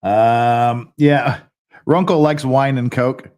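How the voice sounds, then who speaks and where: A man's voice: medium pitch, fairly even intonation, slow, darkish tone. A man hosting a casual livestream, chatting to his chat in a rambling, self-deprecating way with mild swearing and restarts. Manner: rambling with frequent restarts and laughs. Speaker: livestream host.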